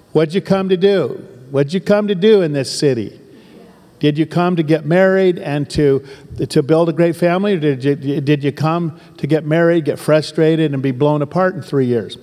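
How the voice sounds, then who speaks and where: A man's voice: a little high, normal speed, warm tone, big-room sound. A man in his sixties from southern Oregon, a pastor giving an emphatic sermon full of repetition and folksy asides.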